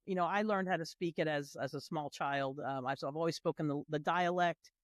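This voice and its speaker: A woman in a casual panel conversation who tells stories in an animated way and acts out the voices of the people she quotes. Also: low-pitched, a little fast, no room sound, studio quality. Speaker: guest, heritage tour organizer.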